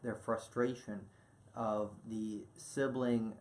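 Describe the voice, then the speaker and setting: A man's voice: fairly low pitch, flat delivery, slow, darkish tone. A man co-hosting a parenting talk who affirms his partner, repeats key points, and speaks directly to listeners. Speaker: co-host, parenting doctor. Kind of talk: casual educational chat.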